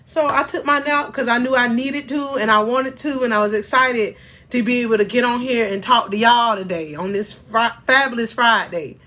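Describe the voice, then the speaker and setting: A high, bright-voiced woman speaks emphatically into a camera at close range. She is a middle-aged life coach giving a faith-based motivational talk at home, preachy and warm toward her viewers. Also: normal speed.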